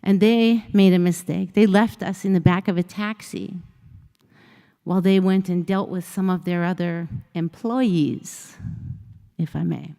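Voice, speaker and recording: A woman's voice: lowish voice, steady tone, a little slow, creaky, mellow. A woman motivational speaker telling a personal story on stage at a conference, acting out the dialogue in shifting voices. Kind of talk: storytelling keynote speech. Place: conference stage in a large hall. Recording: long hall reverb.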